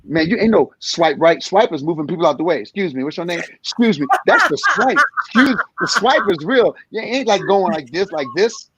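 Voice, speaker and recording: A comedian in his sixties talking in an animated interview, acting out little scenes in different voices. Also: high-pitched, normal speed, few pauses, a little hiss or hum, low-quality recording. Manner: energetic storyteller acting out voices. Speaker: comedian guest.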